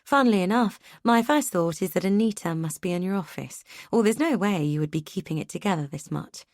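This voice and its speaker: A woman reads an audiobook in scripted narration, measured and even. Her voice sits on the low side. The recording is dry and close, with no room sound. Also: no echo.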